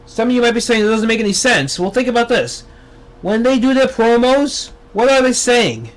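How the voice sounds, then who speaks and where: Exasperated high-voiced young man ranting. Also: lively intonation, moderate pace. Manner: exasperated, sarcastic, mocking impressions. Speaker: vlog host. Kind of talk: ranting commentary.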